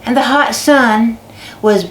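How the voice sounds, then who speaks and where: A woman telling animal folk tales to children, lively and dramatic, stretching words for effect. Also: a little high, slow. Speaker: storyteller. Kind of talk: storytelling to children. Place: basket making barn. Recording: echoey barn recording.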